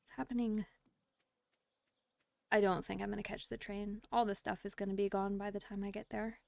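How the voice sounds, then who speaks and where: A woman's voice: mid-range voice, little pitch movement, normal speed, creaky, no echo. A woman streamer chatting casually while playing a farming game, rambling and laughing often, with the hiccups. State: has the hiccups. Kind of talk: casual gameplay chat.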